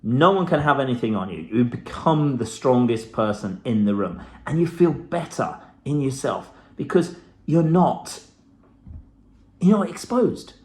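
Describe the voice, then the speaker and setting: A man's voice: medium pitch, animated, measured pace, a little mellow. A middle-aged man giving a blunt, profane motivational talk to camera, with the odd laugh. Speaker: self-help vlogger.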